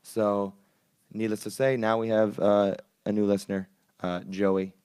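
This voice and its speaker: Laid-back young man, low voice. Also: flat delivery, a little slow, a little mellow, clean tone. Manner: rambling, laid-back storytelling with crude jokes. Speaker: podcast co-host. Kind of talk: casual chat. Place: studio.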